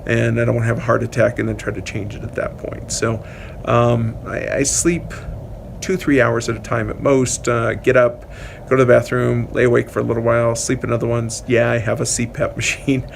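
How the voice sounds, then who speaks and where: Male vlogger, gravelly and candid, open rambling delivery, noisy outdoor take with traffic. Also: medium pitch, level tone, normal speed. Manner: open, rambling, reflective, with frequent fillers. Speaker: vlogger documenting a long fast. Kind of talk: candid personal vlog. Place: outdoors on a sunny walk. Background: outdoor ambience and passing vehicles.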